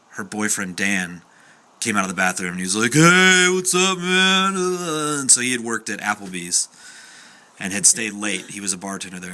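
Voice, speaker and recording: A man's voice: low-pitched, bright, forceful tone. A young man casually telling a true story, chatty, with fillers and acted-out quotes.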